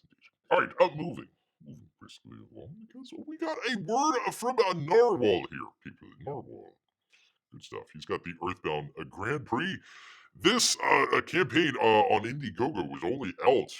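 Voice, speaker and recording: A man's voice: lowish voice, fairly bright tone. A man hosting a casual livestream, rambling with many fillers and calling himself by his nickname. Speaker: livestream host.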